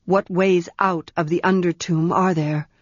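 A woman reading a story, voicing a calm, quiet young man who guides a companion through the dark. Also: fairly low pitch, unhurried, no room sound, muffled recording. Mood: resolute. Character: steady, exhausted young man guiding in darkness. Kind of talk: audiobook character reading.

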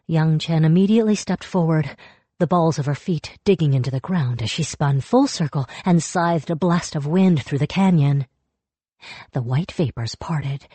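A woman narrating a fantasy story in a measured, steady way, close to the mic. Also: low-pitched, breathy edge, no room sound. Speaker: audiobook narrator. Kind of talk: scripted narration.

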